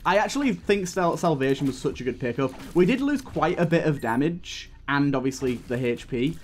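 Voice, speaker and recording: A man's voice: a little high, expressive, a little fast. A man giving casual, rambling gameplay commentary as a YouTuber, laughing often and restarting his sentences, with hiccups. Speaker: gaming YouTuber.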